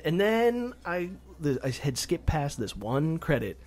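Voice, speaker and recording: A man co-hosting a casual gaming podcast, talking in a rambling, animated way with frequent restarts and casual swearing. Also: on the high side, unhurried, few pauses. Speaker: podcast co-host. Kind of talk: casual chat.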